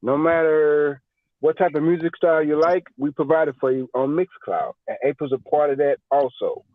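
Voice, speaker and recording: A man joins over a muffled, lo-fi call line and speaks in an earnest, somewhat preachy way. His voice sits a little high for a man. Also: normal speed, dry recording. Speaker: music network guest. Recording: dull lo-fi online call audio.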